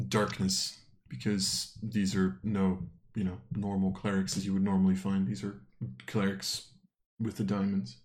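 A man narrating as game master of a tabletop game, rambling and hesitant, with many fillers and self-corrections. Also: fairly low pitch.

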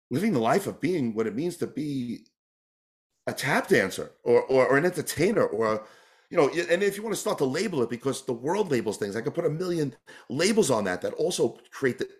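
A man from New York, a tap dancer and entertainer, giving a long, earnest, rambling answer in an interview, often restarting his sentences. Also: mid-range voice. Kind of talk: reflective casual interview answer.

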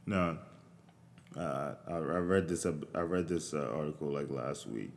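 Male host, very low voice, profane rambling comedic rant with incredulous squeaks, long reverb tail. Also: a little slow, gravelly, a little hiss or hum. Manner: profane, rambling, jumps to shrill incredulous outbursts.

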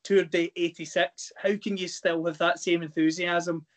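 A man's voice: sits high, flat delivery, normal speed, a bit bright. A man interviewing a guest, asking curious, conversational questions. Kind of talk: casual interview chat.

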